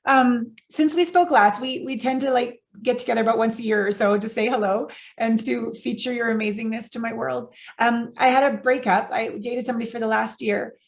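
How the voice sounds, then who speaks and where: A woman's voice: a little high, fairly even intonation, a little fast, vocal fry, few pauses. A woman hosting a podcast interview, talking earnestly and close to tears as she opens up. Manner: earnest, tearful, affirming listener. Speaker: podcast host. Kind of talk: emotional interview conversation.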